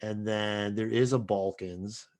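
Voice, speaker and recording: Slow-talking low-voiced podcast guy. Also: steady tone, a little mellow. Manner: slow, trailing off, restarts words. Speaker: podcast co-host. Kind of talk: casual chat.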